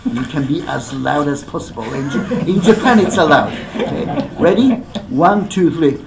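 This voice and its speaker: A playful rakugo performer coaxes the audience through each step of the performance. The voice rises and falls with great liveliness and has a gravelly edge. An echoey hall carries it, with faint noise behind. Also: medium pitch, lively intonation, normal speed. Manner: playful, coaxing, gives step-by-step instructions. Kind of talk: live demonstration to an audience.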